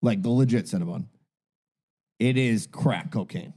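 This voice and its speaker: A man's voice: on the low side, unhurried, warm tone. A man co-hosting a podcast, telling stories in a rambling, foul-mouthed, self-mocking way. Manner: rambling, swears constantly, self-mocking bravado. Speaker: podcast co-host. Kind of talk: casual crude banter.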